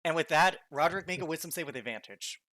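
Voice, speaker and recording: Male game master, bright voice, slow dramatic narration. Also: on the high side, animated, no room sound. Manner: slows right down for dramatic narration.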